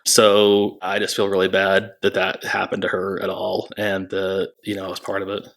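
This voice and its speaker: A man who worked at a treatment center tells a story candidly, in a halting, reflective way with many restarts. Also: low-pitched, monotone, creaky, a bit bright. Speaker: former treatment center staff member.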